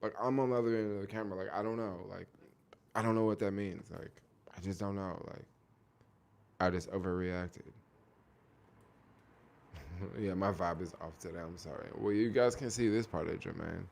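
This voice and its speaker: Young male streamer, low and gravelly, loose rambling delivery, answers chat as he talks. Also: fairly even intonation, normal speed, long pauses, darkish tone. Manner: rambling, heavy use of "like", reads and answers viewer comments. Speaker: live streamer. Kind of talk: casual live stream chat.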